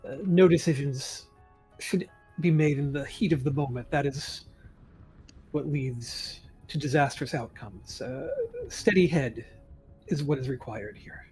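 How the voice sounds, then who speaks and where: A man voicing a calm, wise woman who gives measured advice in a raised, soft voice. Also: medium pitch, faint music behind, voice pushed up, low-quality recording.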